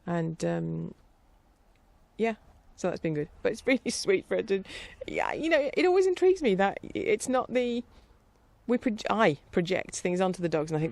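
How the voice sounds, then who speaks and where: A woman's voice: medium pitch, very animated, moderate pace, vocal fry, darkish tone, dry recording. A middle-aged woman rambling casually as a podcast host, chatty and meandering. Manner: chatty, meandering, with frequent restarts and laughs.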